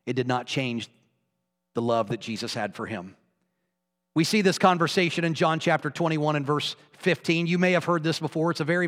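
Man preaching, earnest storytelling, slightly high voice, long reverb of a large room. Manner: earnest storytelling, swings from soft to emphatic. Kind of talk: sermon.

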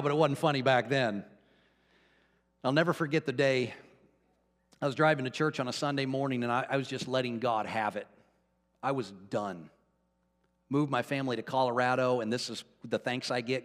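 A male pastor preaching a sermon, telling a personal story and swinging from hushed to fervent. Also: mid-range voice, brisk, long reverb tail. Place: church.

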